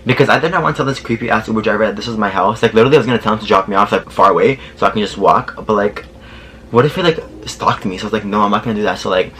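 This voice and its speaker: A man's voice: fairly low pitch, very fast, fairly bright tone, slight background noise. A young man telling a storytime vlog in a sassy, profane, dramatic way. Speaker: vlogger. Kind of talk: casual storytime.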